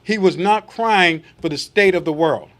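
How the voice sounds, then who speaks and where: High voiced guy preaching, reads scripture then fires off questions at the room. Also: moderate pace, fairly bright tone. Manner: acts out quoted voices in asides. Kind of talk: sermon.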